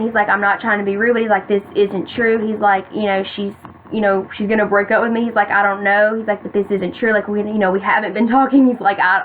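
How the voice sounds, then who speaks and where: A woman in her late teens telling a personal story to the camera in casual storytime style, full of "like" and "you guys". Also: a little high. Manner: chatty, many "like"s, keeps addressing "you guys". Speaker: vlogger. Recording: tinny phone-like audio, faint hiss.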